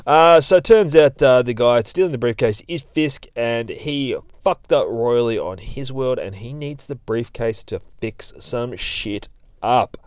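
A man's voice: medium pitch, lively intonation, unhurried, smooth, no echo, clean studio sound. A man, hosting a show and recapping a comic in a rambling, heavily profane, casual way. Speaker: comic review host.

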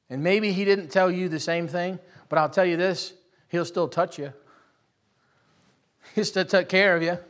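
A high-voiced young male preacher delivers a sermon to his congregation, drifting from soft, conversational storytelling into rising, fervent calls. His pitch sits well above most men's. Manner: swings from quiet storytelling to loud impassioned preaching. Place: church hall with live congregation.

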